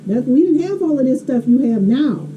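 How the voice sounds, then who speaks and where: A woman's voice: high voice, very animated, a little fast, dark tone. A woman telling a story in a blunt, emphatic way, laughing often. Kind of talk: casual storytelling. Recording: slightly dull, faint hiss.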